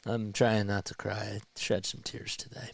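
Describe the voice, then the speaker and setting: A young man calling a baseball game play-by-play on his own stream, chatting with viewers between pitches. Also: little pitch movement, moderate pace, creaky. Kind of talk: casual live play-by-play commentary.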